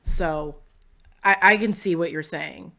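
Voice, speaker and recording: A woman co-hosting a relaxed chat, speaking slowly in a low voice. She rambles through her thoughts with plenty of fillers, and a slight lisp from costume fangs softens her consonants. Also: vocal fry. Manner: rambling, many "like" and "you know" fillers. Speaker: podcast co-host. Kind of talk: casual chat.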